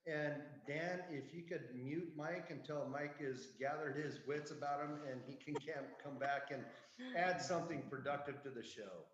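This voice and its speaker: A man hosting a town hall over a video call, playful and fond of hammy bits. His voice sits a little high and rings in an echoey room. The call audio is dull and lo-fi. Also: normal speed, slight background noise. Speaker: host. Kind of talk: casual video-call chat.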